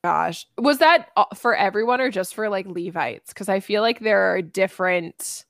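Woman cohost with a gravelly fry in her voice, chatty and blunt, dry close mic. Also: medium pitch, moderate pace, no echo. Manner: reads scripture aloud, candid and swears casually. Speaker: podcast co-host. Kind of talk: casual chat.

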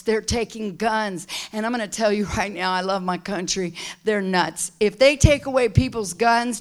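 A woman preaching a sermon who swings between loud, shouted passages and hushed whispers. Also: mid-range voice.

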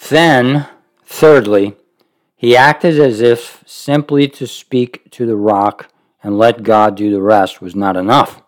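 A man reads a devotional book aloud in an earnest, reflective way. He pauses often and breaks off to give his own heartfelt comments before going back to the text. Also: fairly low pitch.

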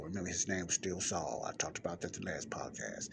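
A man with a low voice teaches the Bible in a loose podcast style. He keeps stopping his reading to explain, repeats himself, and asks "okay?" as he goes. Faint ambient noise from a public space sits behind him. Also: brisk, gravelly, hardly any pauses, fairly bright tone. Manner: digresses often, repeats points, checks in with listeners with "okay?". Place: public library area with passing cars.

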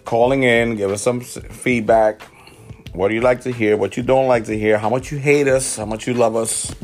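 A man's voice: medium pitch, steady tone, moderate pace, soft background music. A man from the South Bronx hosting a casual podcast, joking and rambling with his mouth full. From South Bronx, New York. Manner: joking, self-mocking, rambling. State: talking with mouth full of potato. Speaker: podcast host, father.

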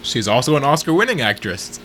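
A man's voice: medium pitch, big pitch swings, a little fast, sharp tone, a little hiss or hum. A man co-hosting a casual movie podcast, talking steadily and plainly, with dry remarks. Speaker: podcast co-host. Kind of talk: casual movie review chat.

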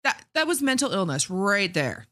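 A woman's voice: medium pitch, big pitch swings, normal speed, a bit bright. A woman co-hosting a casual podcast, blunt and mock-outraged, swearing freely. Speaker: podcast co-host.

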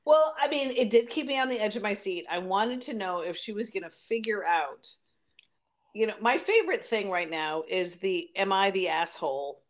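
A woman's voice: mid-range voice, animated, normal speed. A woman in a casual book talk who retells the plot and speaks the characters' lines herself.

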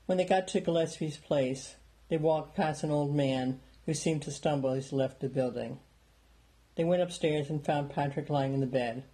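Mellow-voiced male storyteller. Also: on the high side, normal speed. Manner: plain steady reading, small lifts for dialogue. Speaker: narrator. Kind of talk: audiobook narration.

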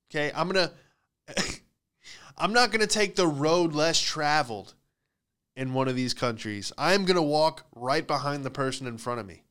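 A man's voice: fairly high pitch, smooth. A man in his thirties hosting a comedy podcast, telling casual stories and switching into voices for the people he quotes. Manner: animated storytelling with put-on voices for quoted people.

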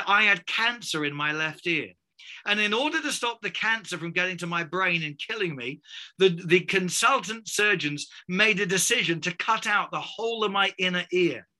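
A man's voice: high-pitched, bright, forceful tone. A man preaching a sermon, telling a story and acting out the voices in it, then closing in prayer. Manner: storytelling, acts out quoted voices, ends in prayer.

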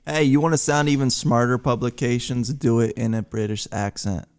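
A man's voice: medium pitch, fairly even intonation, moderate pace, a little mellow, clear, resonant tone, no room sound. Blunt, profane American man, dry close mic. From United States. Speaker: podcast co-host. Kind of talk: casual chat.

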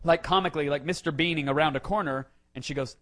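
Animated higher-voiced man telling stories. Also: quick pace. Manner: animated, swings loud and quiet. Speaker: podcast host. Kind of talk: casual comedic storytelling.

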